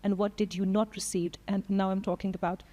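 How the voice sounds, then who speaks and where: A woman moderating a panel discussion, speaking in a measured, reflective way. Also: mid-range voice, level tone, dark tone. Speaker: panel host. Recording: long hall reverb.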